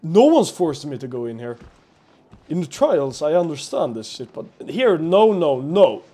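A man's voice: fairly high pitch, sing-song, normal speed, dark tone. A man playing a horror game for a let's play, talking to himself in a jumpy, nervous way, swearing and laughing nervously.

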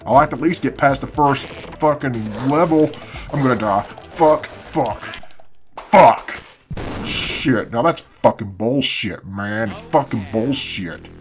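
Over soft background music, a man with a mid-range voice gives casual let's-play commentary a little slowly. Half asleep early in the morning, he swears constantly and grumbles at the game.

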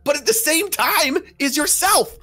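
Brief: gamer voicing a squeaky, mock-mysterious zebra girl in a goofy game reaction, reading lines. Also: lively intonation, measured pace, sharp tone, heavily acted. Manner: high put-on voice reading lines in a silly, rambling way. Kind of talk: comedic reading of fan-made game dialogue.

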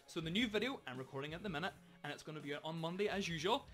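A man's voice: a little high, lively intonation, very fast, a bit bright, soft background music. A young man, a drum teacher giving a casual, jokey video lesson for children. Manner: jokey, upbeat, self-mocking.

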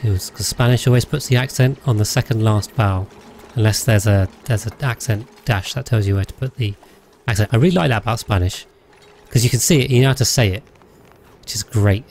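A man's voice: fairly low pitch, a little fast, darkish tone, slight background noise. A man chatting casually on a livestream while playing a game, rambling with frequent hesitations and self-corrections. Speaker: game streamer.

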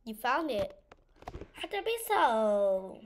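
A woman's voice: fairly high pitch, sing-song, slow, slight background noise. A woman giving casual gameplay commentary, teasing and saying "bro" a lot. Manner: teasing, says "bro" a lot, scared outbursts. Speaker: gamer.

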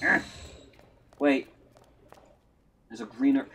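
A man chatting casually while streaming a game, rambling and restarting his sentences. His pitch swings widely, and he breaks into sudden loud, high-pitched outbursts. A faint hum of background noise sits behind him. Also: sing-song, takes it slowly, gravelly. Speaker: live streamer. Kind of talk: casual chat while gaming.

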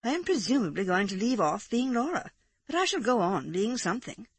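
A woman's voice: on the high side, sing-song, fairly quick, husky, dry recording, voice pushed up, exaggerated voice. A woman voicing a mischievous, dispassionate English woman who speaks with dry, unrepentant amusement. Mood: wry.

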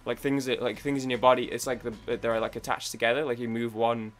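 A man's voice: mid-range voice, flat delivery, fairly quick. A young British man chatting casually while playing a game, rambling with many restarts and idle humming. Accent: British English. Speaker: gaming YouTuber. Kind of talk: casual gaming commentary.

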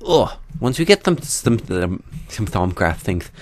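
This young man's voice sits lowish and is very animated, moving a little slowly. Hosting a Minecraft let's play, he rambles casually over his own gameplay, chatting with viewers as he builds and making jokes at his own expense.

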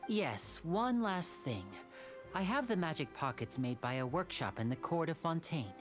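This is a woman playing a charming young male stage magician from a video game. The voice sits low and moves with lively, rolling intonation, and the delivery is smooth, teasing and quietly persuasive. Faint music plays underneath. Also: normal speed.

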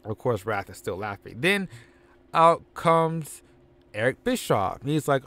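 A man's voice: medium pitch, sing-song, slow, fairly bright tone. A man casually narrating a wrestling game in loose, self-correcting storytelling.

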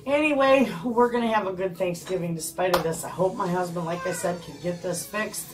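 A woman's voice: lowish voice, fairly quick, music in the background. An older woman vlogging casually from her home kitchen, chatting to her viewers as friends. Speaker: homestead vlogger.

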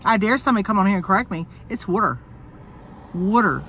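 Lively and quick, her mid-range voice has a fairly bright tone, with slight hiss or hum in the background. She's vlogging from her car on a phone, sick with a cough, yet keeps up casual jokes, swearing, and laughter.

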